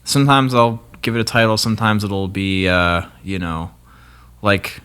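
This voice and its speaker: A man's voice: on the low side, normal speed, fairly bright tone, clean tone. A young man, a guest guitarist, talking in a laid-back, rambling way with many fillers. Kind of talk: casual chat.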